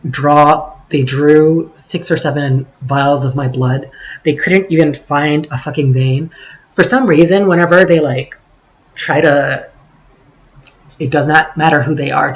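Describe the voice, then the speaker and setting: A man's voice: on the high side, rough recording. A man talking in a casual vlog monologue, sarcastic and swearing freely, rambling with plenty of fillers. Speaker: vlogger.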